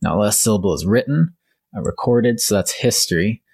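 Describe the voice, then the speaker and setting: Gravelly low-voiced man rambling about literature. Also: lively intonation, normal speed, a little mellow. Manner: rambling, self-correcting, enthusiastic about literature. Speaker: podcast co-host. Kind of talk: casual discussion.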